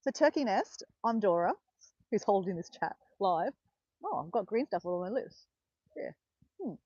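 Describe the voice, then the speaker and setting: A woman's voice: mid-range voice, normal speed, slightly rough, no room sound. Australian woman, live-stream host, chatty, greets viewers by name, dry close sound, slightly dull. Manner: chatty, addresses viewers by name, bursts of excited cheering. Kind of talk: chatty livestream talk to viewers.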